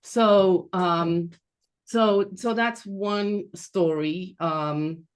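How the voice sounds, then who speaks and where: A woman from Switzerland giving a reflective, measured personal storytelling talk as a guest speaker over a video call. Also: on the low side, clear, resonant tone. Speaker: guest speaker, transition coach.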